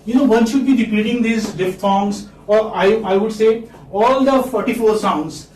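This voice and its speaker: A man teaching English phonetics to a class in a lecture style, slowly repeating each word so the students can copy it. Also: sits high, a little mellow, distant mic. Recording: echoey classroom, speaker off-mic, faint noise.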